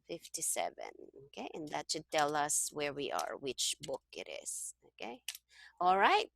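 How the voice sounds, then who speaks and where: A woman's voice: sits low, wildly swooping pitch, measured pace, vocal fry, a bit bright. A woman tutoring Tagalog one-on-one over a video call, patiently checking that her student follows. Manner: patient, checks understanding with frequent "okay?". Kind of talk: one-on-one online language lesson.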